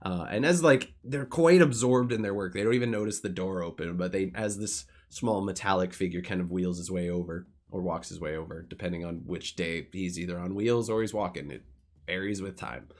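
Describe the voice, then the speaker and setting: A man narrating a streamed tabletop game as game master, relaxed and full of "uh", joking with his players. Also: deep voice, brisk. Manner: relaxed, filler-heavy, jokey with players.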